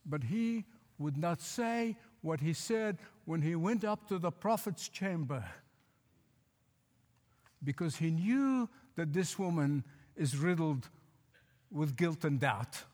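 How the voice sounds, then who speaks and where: High-voiced male pastor preaching in a hall. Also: lively intonation, a little mellow. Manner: emphatic, with repeated phrases and slow stressed lines. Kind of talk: sermon. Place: church. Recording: hall reverb.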